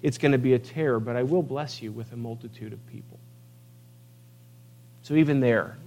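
A man preaching a sermon, emphatic, swinging between quiet asides and loud declarations as he reads scripture. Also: medium pitch. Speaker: pastor.

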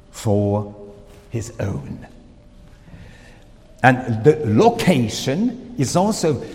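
A man with a German accent delivers a sermon at an unhurried pace. His pitch swings widely as he stresses phrases, and he pauses often and fills gaps with "uh". The voice rings out with a long hall reverb. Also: darkish tone. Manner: slow, deliberate preaching with frequent pauses and fillers. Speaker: preacher.

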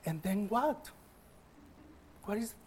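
An unhurried village fisherman, a man of simple words who keeps asking "then what?", as a preacher acts him out in a sermon story. The voice sits high and plain. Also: lively intonation, a little mellow, slight background noise. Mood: puzzled.

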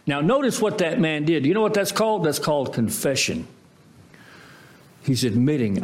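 A man preaching a sermon as pastor, emphatic, with dramatic swings in pitch. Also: lively intonation, moderate pace, long pauses, a little mellow.

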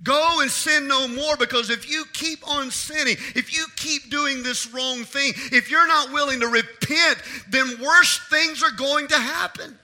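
A man preaching a sermon as pastor, impassioned, rising to shouts and dropping low to speak quietly. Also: measured pace, few pauses.

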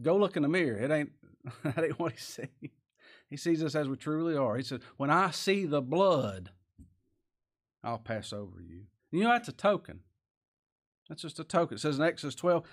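A man delivers a sermon. His voice sits a little high and leaps up and down as he reads scripture and presses his points with rising emphasis. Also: brisk. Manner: animated preaching, reading scripture aloud with rising emphasis. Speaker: pastor.

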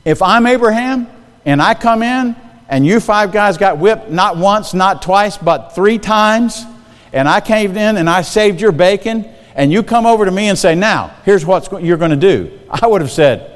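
Male preacher, fairly high voice, lively, talks to the room, long hall reverb. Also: moderate pace. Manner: animated, talks straight to the audience with questions. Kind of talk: sermon.

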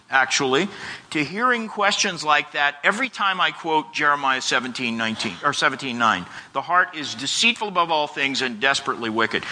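A man preaching an expository sermon as a pastor, speaking in an earnest, measured way and reading long quotations. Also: high-pitched, pushed and bright. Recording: long reverb of a large hall.

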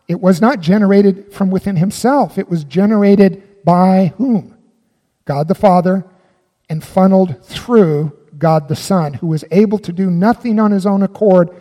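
A man's voice: high voice, normal speed, warm tone, big-room sound. A man preaching a sermon as pastor, emphatic and often putting questions to his listeners.

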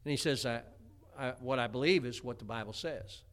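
A man's voice: medium pitch, fairly quick, a bit bright. A middle-aged man preaching a homespun sermon, chatty, with many stammered restarts. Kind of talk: folksy sermon.

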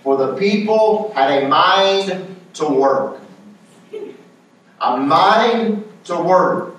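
A man's voice: a little high, lively intonation, drawn-out words, long pauses, fairly bright tone. A male pastor from North Carolina with a Southern accent, preaching an emphatic sermon and calling for amens. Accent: Southern American. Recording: echoey room, mic from a distance.

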